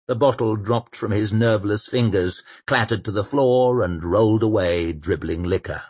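A man reading fiction aloud as an audiobook narrator, measured and expressive. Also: lowish voice, no room sound. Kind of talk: scripted narration.

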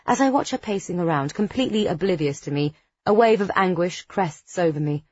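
A woman narrating a first-person novel in an expressive, lively reading. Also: on the low side, a little fast, slightly rough, no echo, lo-fi sound. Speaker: audiobook narrator.

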